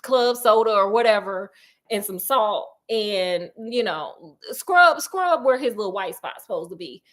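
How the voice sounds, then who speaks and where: A woman's voice: mid-range voice, lively intonation, unhurried, fairly bright tone. A woman voicing a cocky, breezy male detective who talks in offhand slang. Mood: smug.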